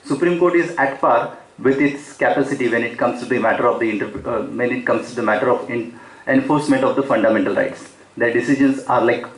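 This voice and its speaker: A man's voice: medium pitch, fairly quick. A man giving an unscripted academic lecture at a seminar, with frequent fillers and self-corrections. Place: seminar hall. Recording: echoey hall.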